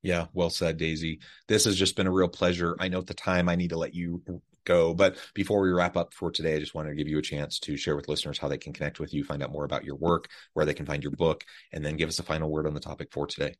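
A man's voice: very deep voice, level tone, fast. A man hosting a podcast, thanking his guest and reading the show's sign-off. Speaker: podcast host. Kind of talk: scripted podcast outro. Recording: podcast audio with music underneath.

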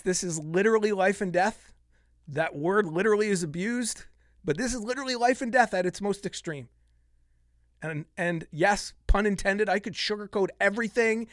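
A man's voice: high-pitched, no echo, studio quality. A man in his fifties hosting a solo fitness podcast, talking passionately and getting worked up as he vents. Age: 50s. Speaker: podcast host.

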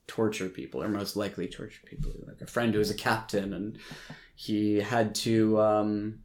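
Rambling, low-voiced podcast man. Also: little pitch movement, normal speed. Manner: rambling, many likes and ums, occasional swearing. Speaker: podcast host. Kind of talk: casual film recap.

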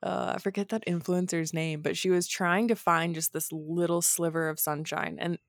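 Raspy low-voiced woman podcaster. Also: flat delivery, normal speed, no echo, studio quality. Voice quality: raspy morning voice. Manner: bubbly storyteller, laughs while talking. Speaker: podcast co-host, dietitian. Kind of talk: casual podcast chat.

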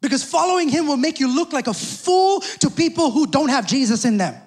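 A man's voice: very high voice, animated, fairly quick. A male pastor preaching a sermon, emphatic and calling out to his congregation. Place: church hall. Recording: long church hall reverb.

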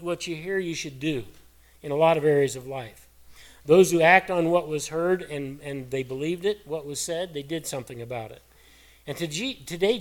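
A middle-aged man preaching a sermon in a folksy, earnest, conversational way, his voice hoarse and cracking. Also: fairly high pitch. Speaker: pastor.

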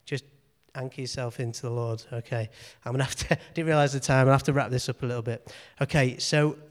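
A man's voice: medium pitch, steady tone, a little fast. A man giving an informal sermon in a church meeting room, earnest and repetitive, often checking in with "okay". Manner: earnest, repeats phrases, frequent "okay". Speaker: preacher.

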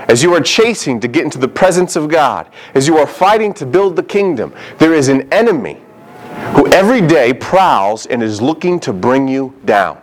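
A man's voice: fairly high pitch, big pitch swings, normal speed, rough recording. A man, a pastor, preaching a sermon in an emphatic way and acting out quotes.

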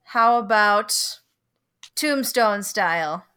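A woman chatting casually on a podcast, talking slowly with frequent giggles. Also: mid-range voice, lively intonation, sharp tone, smooth. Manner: slow, giggly, drawn-out. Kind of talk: casual group chat.

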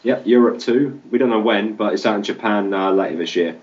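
A man's voice: lowish voice, fairly quick, darkish tone, highs cut off. A man co-hosting a podcast, chatting casually in a laid-back, understated way. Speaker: podcast co-host. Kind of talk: casual chat.

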